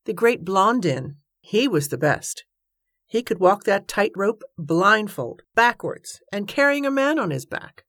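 A woman voicing a shy, earnest Canadian riverman who talks in a halting, bashful way, in a storybook reading. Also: medium pitch, big pitch swings, fairly bright tone, dry recording, studio quality. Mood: storytelling.

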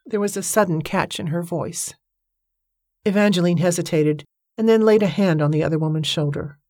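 A woman narrating an audiobook novel in a measured, even storytelling manner. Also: lowish voice, dry recording, studio quality. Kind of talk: scripted narration.

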